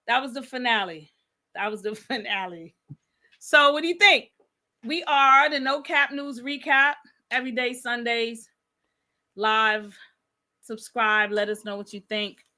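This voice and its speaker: A woman co-hosting a casual live news recap show, retelling clips in animated slang. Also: fairly high pitch. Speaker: co-host.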